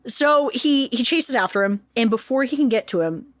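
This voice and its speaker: A woman's voice: fairly high pitch, fairly quick, dry recording. Profane woman telling history stories. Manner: profane, animated, jokey retelling. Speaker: podcast co-host. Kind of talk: casual history storytelling.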